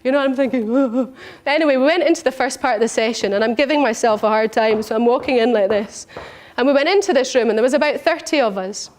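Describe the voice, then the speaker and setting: Animated high-voiced woman. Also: fast, slight background noise. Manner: animated, acts out her own thoughts in little voices. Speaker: personal development coach. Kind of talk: personal storytelling talk.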